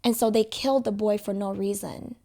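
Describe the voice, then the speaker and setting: A woman's voice: mid-range voice, fairly even intonation, a little fast, gravelly, warm tone. Young female podcast co-host; loose, filler-heavy storyteller. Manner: rambling, heavy use of "like" and "you know". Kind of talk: casual storytelling chat.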